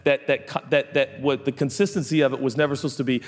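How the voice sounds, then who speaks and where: Animated male preacher in a reverberant hall. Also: mid-range voice, fast talker. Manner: animated storytelling with playful asides. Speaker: pastor. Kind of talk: sermon.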